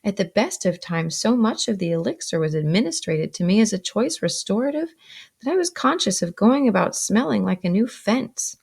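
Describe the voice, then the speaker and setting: Gravelly woman reading a novel to students. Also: mid-range voice, sing-song, normal speed, a little mellow. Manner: explains words between passages with fillers. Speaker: teacher.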